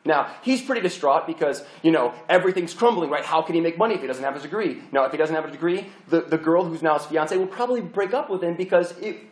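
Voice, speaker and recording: Young male preacher, chatty storyteller, slightly high voice, roomy echo. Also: quick pace, few pauses. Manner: animated, chatty, with many restarts. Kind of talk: storytelling sermon.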